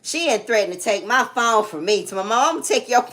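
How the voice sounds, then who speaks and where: A woman's voice: medium pitch, expressive, fast talker, a bit bright, a little hiss or hum. A woman, co-hosting a casual chat and chiming in often with agreement. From Atlanta, Georgia, US. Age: 30s. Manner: chatty, frequent agreeing interjections. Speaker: co-host, daughter.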